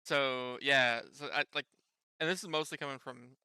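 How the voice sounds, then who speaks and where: A man with a very bright, ringing voice chats casually with his gaming group, tripping over his words and restarting phrases. His tone is crisp and clean, recorded close and dry. He sounds like the host of the stream. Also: mid-range voice, fairly even intonation, normal speed, no room sound. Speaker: player and channel host. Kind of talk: casual chat.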